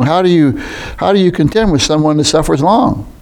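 A man's voice: fairly high pitch, normal speed, gravelly, darkish tone. A middle-aged man preaching a sermon in a folksy, conversational way, asking rhetorical questions.

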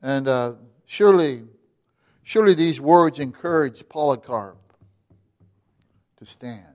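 Guy preaching, pretty high voice, reads verses slow and punchy, lots of uh's. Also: expressive, darkish tone. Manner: preaching with rising emphasis, reading scripture slowly; frequent filler "uh" and restarts. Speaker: pastor. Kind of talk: sermon.

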